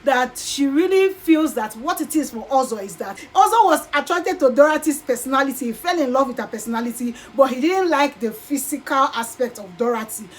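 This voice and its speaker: Chatty high-voiced Nigerian woman. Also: brisk, few pauses, low-quality recording. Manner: chatty, animated storyteller acting out quotes. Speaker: YouTube vlogger. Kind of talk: casual gossip recap.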